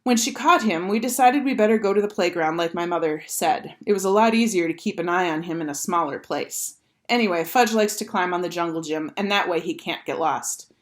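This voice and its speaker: A woman teacher reading a children's book aloud with expressive, animated narration. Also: on the low side, brisk.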